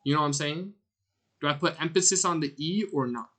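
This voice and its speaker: A man streaming a game, chatting casually and rambling in a jokey way, with sudden loud outbursts as he answers his chat. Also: fairly high pitch, fairly quick. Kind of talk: casual gameplay commentary.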